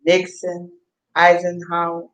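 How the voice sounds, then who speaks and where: A woman's voice: on the low side, monotone, takes it slowly. A woman vlogging in a meandering, casual monologue, repeating herself as her thoughts wander. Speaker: mukbang vlogger.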